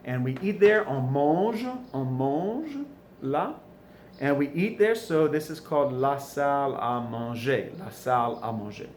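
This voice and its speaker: A man's voice: mid-range voice, normal speed. A man with a South Louisiana accent teaching French, going over answers and asking questions he answers himself. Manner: patient, asks questions and answers them himself. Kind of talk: recorded classroom lesson going over answers. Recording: echoey room, faint ambient noise.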